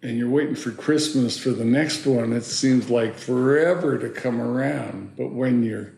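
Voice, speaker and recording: Gravelly older man telling stories. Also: mid-range voice, unhurried, echoey room. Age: 70s. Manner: rambling, animated storyteller with many "you know"s. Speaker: guest, filmmaker. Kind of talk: storytelling interview.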